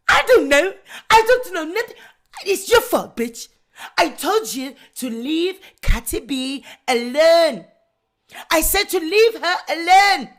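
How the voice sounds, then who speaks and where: Woman gossip host; a very high, bright voice; blunt and slangy. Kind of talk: casual commentary.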